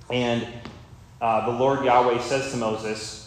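A man's voice: mid-range voice, flat delivery, takes it slowly. A man giving a conversational, loosely rambling sermon with plenty of asides. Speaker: preacher. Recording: very echoey room with faint ambient noise.

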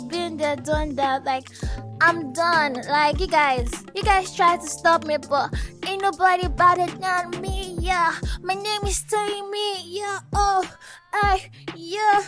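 A high-pitched young woman with a Nigerian accent talks to her followers in a relaxed, unhurried vlog, giggling and peppering her talk with fillers. Soft music plays faintly behind her. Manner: playful, giggly, lots of "like" fillers, slips into pidgin. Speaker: vlogger. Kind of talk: casual hyped vlog chat.

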